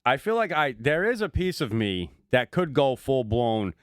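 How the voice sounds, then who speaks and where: A man's voice: mid-range voice, big pitch swings, normal speed, clear, resonant tone, no room sound, clean studio sound. A man co-hosting a podcast, chatting casually in a rambling, profane, joking way as he tells stories. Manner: rambling, profane, jokey storytelling. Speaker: podcast co-host. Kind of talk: casual chat.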